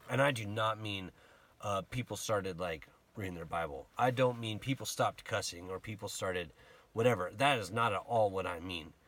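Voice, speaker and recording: A man giving a casual sermon, retelling a Bible story in a conversational, animated way and acting out the people in it. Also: on the low side, normal speed. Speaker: preacher.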